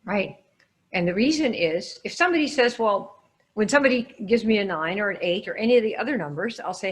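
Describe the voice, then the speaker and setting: An energetic woman leads a live online coaching class. She quizzes her listeners and calls on them by name, keeping the pace brisk and engaging. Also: mid-range voice. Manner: lively, quizzing the audience. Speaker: sales trainer.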